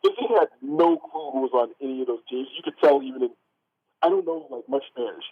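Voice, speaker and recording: A man's voice: medium pitch, a little fast, breathy edge. A man co-hosting a casual sports radio talk show, rambling with lots of restarts and fillers, heard over a tinny phone line. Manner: rambling, many restarts and "like", laughs often.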